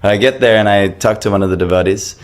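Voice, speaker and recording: A man casually telling the story of how he came to his faith, animated and laughing, acting out the voices of people in it. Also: lowish voice, fast talker. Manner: animated, laughing, acts out quoted voices, many fillers.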